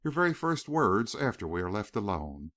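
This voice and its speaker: A man's voice: lowish voice, very animated, moderate pace, a bit bright, dry recording, studio quality. A male narrator voicing an earnest, wistful young veteran turned rancher in an audiobook.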